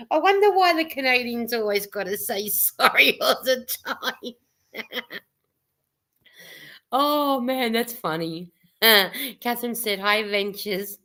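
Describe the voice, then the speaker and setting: A woman's voice: mid-range voice, pushed and bright. A woman co-hosting a casual livestream chat, reading viewers' comments aloud and laughing often.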